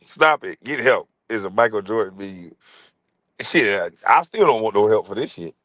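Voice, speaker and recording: A middle-aged man streaming a profane comic rant, crude, loud and laughing often. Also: on the low side, lively intonation, normal speed, no room sound.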